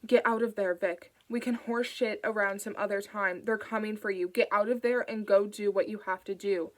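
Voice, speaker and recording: A woman voicing a loyal man whose speech is low, slow and ragged with emotion, in an audiobook. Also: steady tone, lightly acted. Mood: emotional.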